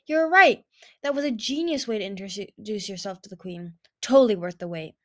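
A cheerful young male dragon who teases and jokes with eager energy, as a woman reads him aloud. The storybook voice sits at an ordinary middle pitch. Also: moderate pace, a bit bright, natural voice. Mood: playful. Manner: eager, teasing.

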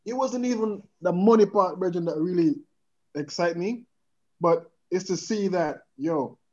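A man's voice: sits high, unhurried. A man, a podcast guest chatting casually and animatedly, mixing in patois and often asking "you understand?". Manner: animated, repeatedly checks in with the listener, mixes in patois. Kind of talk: casual chat. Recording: dull lo-fi sound.

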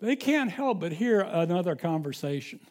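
A man's voice: high voice, very animated, normal speed, a little mellow. A man preaching a sermon as pastor, talking conversationally with frequent restarts and reading scripture aloud.

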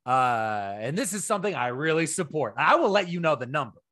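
Animated, bright-voiced man telling stories. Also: fairly high pitch, fairly quick. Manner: animated, profane storytelling, rising to near-shouts. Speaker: podcast co-host. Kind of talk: casual podcast chat.

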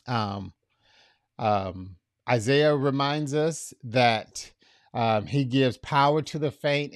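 A man preaching a sermon in a conversational way, acting out scripture dialogue, dropping soft for tender lines and rising for emphasis. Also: no room sound, studio quality. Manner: drops soft and low for tender lines, rises loud for emphasis. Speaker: pastor.

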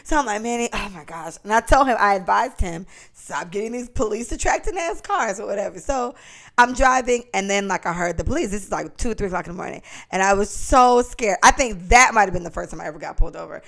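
Young woman with a gravelly, creaky voice. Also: medium pitch, fast talker. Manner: animated, acts out quoted voices, swears freely. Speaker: podcast co-host. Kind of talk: casual storytelling chat.

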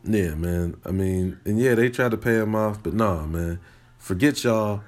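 A man's voice: lowish voice, a little slow. A man hosting a casual solo podcast, talking with passion and repeating himself, peppering his talk with "man" and "you know what I mean". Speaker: podcast host.

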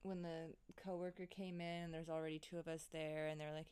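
A woman's voice: low voice, level tone, brisk, darkish tone, smooth. A woman in her thirties hosting a live show and chatting casually with viewers. She is loose and chatty, laughing and swearing often. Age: 30s. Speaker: livestream host.

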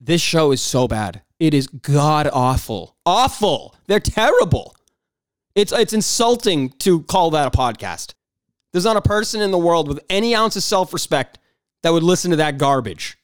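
A man's voice: a little high, sing-song, moderate pace, clean tone, no echo, studio quality. A man hosting a podcast, talking in a blunt, profane casual monologue. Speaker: podcast host.

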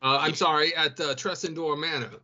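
A man's voice: on the high side, fairly even intonation, fairly quick, sharp tone, dull audio. A man playing a tabletop game, addressing a character politely and formally, often restarting his sentences. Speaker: player. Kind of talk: in-character tabletop role-play.

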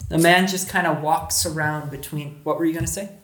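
A man's voice: fairly high pitch, fairly even intonation, fairly quick, fairly bright tone. Rambling man running a tabletop game. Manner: rambling, many fillers and restarts. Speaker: game master. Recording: echoey room.

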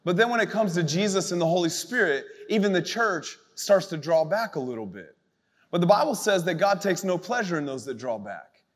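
A man preaching a live youth sermon, animated and conversational, full of asides, to an audience in a church. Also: high voice, brisk, big-room sound. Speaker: youth pastor.

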